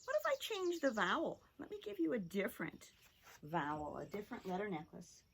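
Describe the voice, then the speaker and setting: A woman teaching a children's phonics lesson, sounding out words slowly and carefully. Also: medium pitch, big pitch swings, creaky, slight background noise. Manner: slow, drawn-out sounding out of words.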